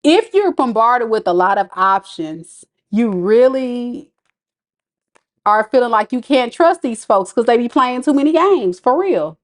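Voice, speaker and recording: A woman's voice: on the high side, lively intonation, measured pace. A woman giving a casual tarot reading to her viewers. She talks to them directly in a chatty, playful way and often laughs at her own jokes. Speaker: tarot reader.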